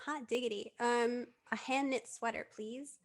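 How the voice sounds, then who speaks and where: A woman's voice: on the high side, fairly even intonation, measured pace. A woman playing a tabletop game, giggly and hesitant. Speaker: player.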